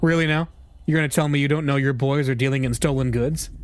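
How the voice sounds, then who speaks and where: A man's voice: medium pitch, steady tone, fast talker, a little hiss or hum, natural voice. A man voicing a cocky, taunting adult male journalist in a game read-through. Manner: taunting, wisecracking.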